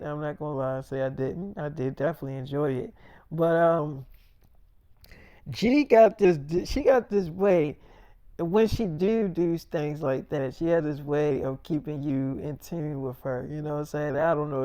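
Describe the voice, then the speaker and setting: Mellow-voiced man rambling a casual story. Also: a little high, steady tone, normal speed, clear, resonant tone, no room sound. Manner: loose, repetitive, full of "you know". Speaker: vlogger.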